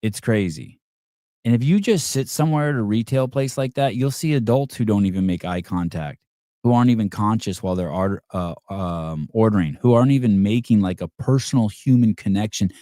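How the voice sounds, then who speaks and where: Deep-voiced man rambling through a casual story. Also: fairly quick, mellow, no room sound, studio quality. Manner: rambling and conversational, swears casually, many fillers and restarts. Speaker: podcast host.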